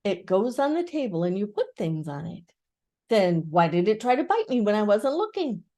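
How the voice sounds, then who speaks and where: A woman's voice: medium pitch, sing-song, normal speed, mellow, natural voice. A woman voicing a bouncy, boastful male tiger-like animal in a storybook reading.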